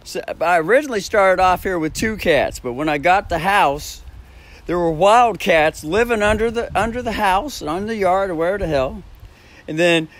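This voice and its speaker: A man's voice: sits high, moderate pace. A man telling a rambling story at his home, laughing often between phrases and swearing freely. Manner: rambling with frequent restarts. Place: at his own home, by a backyard shed.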